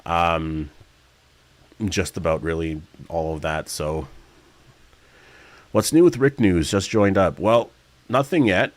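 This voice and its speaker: A man's voice: sits low, slow, long pauses. A man chatting casually on a livestream Q&A, rambling through fillers and restarts, now and then yawning. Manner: rambling, chatty, frequent fillers and self-corrections; sometimes yawning mid-speech. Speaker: streamer reading live chat.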